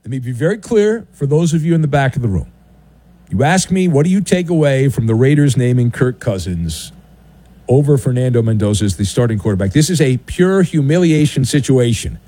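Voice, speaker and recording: A man's voice: mid-range voice, dark tone, slightly rough, no room sound. A man hosting a sports talk radio show in a studio, delivering a sardonic, theatrical monologue with swooping announcer flourishes. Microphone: studio broadcast mic.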